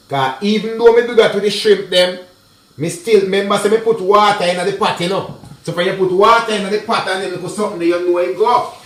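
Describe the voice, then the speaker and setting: A man's voice: high-pitched, echoey room. A man with a Jamaican accent chatting casually through a cooking tutorial, talking straight to his viewers in patois mixed with English. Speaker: cooking vlogger. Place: kitchen.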